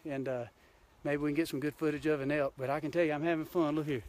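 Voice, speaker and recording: A man's voice: on the high side, fairly even intonation, quick pace, a little mellow. A man from Georgia with a Southern accent, a hunting show host ranting bluntly and folksily on a live stream from a mountain outdoors, filmed on a handheld phone. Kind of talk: impassioned live-stream rant.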